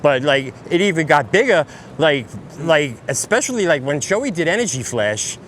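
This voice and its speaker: Brooklyn-accented man, rambling and animated. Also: on the high side, moderate pace, slight background noise. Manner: rambling, animated storytelling with many fillers. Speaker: DJ guest. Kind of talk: casual interview on a walk. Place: outdoors on a city street.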